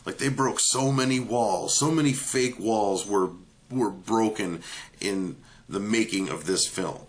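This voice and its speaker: A man's voice: lowish voice, unhurried. A man giving a casual, ranting movie review, blunt and profane, with many filler words.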